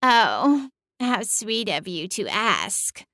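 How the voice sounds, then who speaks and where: A woman's voice: medium pitch, animated, a little slow, sharp tone, no room sound, clean studio sound. A woman voicing a smug, sassy female cat familiar in an audiobook, with a drawling, sing-song, condescending delivery. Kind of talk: audiobook character voice.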